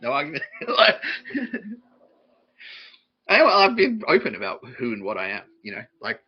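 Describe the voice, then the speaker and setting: A man's voice: medium pitch, huge pitch swings, moderate pace, long pauses, breathy edge, lo-fi sound. An Australian man hosting a podcast, answering listener questions in a rambling, profane way and laughing often at himself. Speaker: podcast host.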